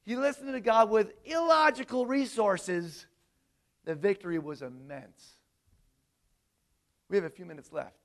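A man preaching a sermon to a congregation, animated and quizzing his listeners with questions. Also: high-pitched, measured pace, pauses often. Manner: animated, asks the audience questions.

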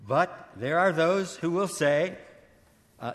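An older man preaching a sermon, earnest, stammering and repeating words, slowing and swelling on key phrases. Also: on the high side, animated, a bit bright. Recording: long hall reverb.

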